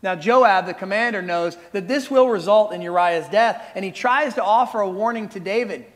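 A man in his forties preaching a sermon as a pastor, retelling stories in an animated, conversational way. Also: high-pitched, moderate pace. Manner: animated storytelling, conversational asides. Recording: reverberant hall.

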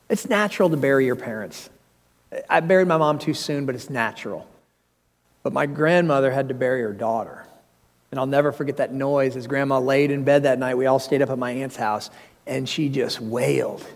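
A pastor, preaching a sermon with earnest, personal storytelling and emphatic rises. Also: male voice, on the high side. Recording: long hall reverb.

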